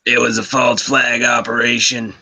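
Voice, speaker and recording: A man's voice: medium pitch, level tone, normal speed, pushed and bright, husky. A man on a podcast, joking crudely in a mock-serious tone during casual banter.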